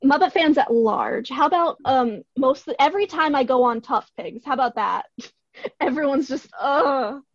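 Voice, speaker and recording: A young woman co-hosting a casual fan podcast, playful, at times rattling off joke disclaimers quickly. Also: sits high, animated, no echo, muffled recording. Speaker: podcast co-host.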